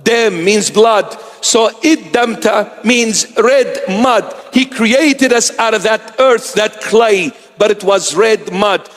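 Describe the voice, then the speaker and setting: A man's voice: high-pitched, slow, hardly any pauses, fairly bright tone. A man preaching as a bishop, telling stories and acting out the people in them. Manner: storytelling, acts out quoted voices. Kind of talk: sermon. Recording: long hall reverb.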